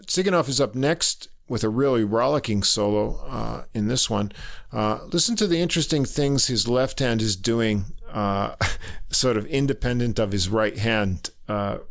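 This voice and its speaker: A man giving a casual spoken review of a jazz album, halting with many fillers and little chuckles. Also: fairly low pitch, vocal fry.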